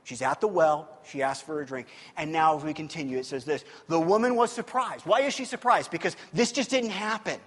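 A male preacher with a high voice gives an animated, conversational sermon, often checking in with listeners by asking "okay?". He speaks briskly with hardly any pauses, and the sound is that of a big room.

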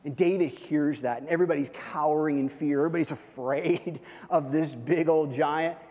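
A man preaching a sermon, retelling Bible stories in a lively, casual storytelling way. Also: a little high, normal speed, long reverb tail. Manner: lively storytelling, acts out biblical quotes casually. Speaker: pastor.

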